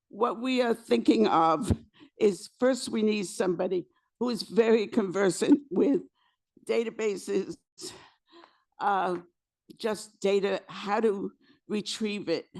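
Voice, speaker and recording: Slow, hoarse woman. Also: medium pitch, darkish tone. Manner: slow, halting delivery with fillers and restarts. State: losing her voice. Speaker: housing committee co-chair. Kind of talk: public meeting presentation. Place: community board meeting room.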